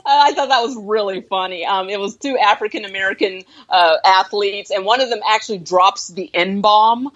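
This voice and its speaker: A woman co-hosting a film podcast. She is relaxed and giggly and swears freely in casual review chat. Her mid-pitched voice comes through a dull, lo-fi recording. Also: moderate pace, hardly any pauses. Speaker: podcast co-host.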